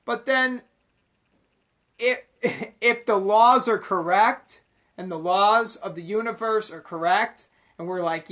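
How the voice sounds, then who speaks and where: A man's voice: high-pitched, lively intonation, a little slow, a bit bright. A man explaining mystical ideas in a casual, rambling monologue, swearing constantly and emphatically.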